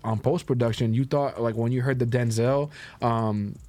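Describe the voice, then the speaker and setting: A man's voice: medium pitch, steady tone, moderate pace, mellow. A man guest on a podcast, casually telling a long story with loose restarts and lots of quoted back-and-forth. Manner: loose, rambling, many restarts and quoted dialogue. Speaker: podcast guest, music producer.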